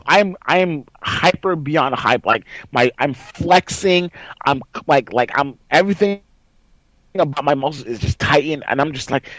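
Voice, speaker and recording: Excitable man retelling a game story. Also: fairly high pitch, unhurried, no room sound. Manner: excitable storyteller, reenacts with loud outbursts. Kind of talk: casual gaming story chat. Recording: dry, slightly dull sound.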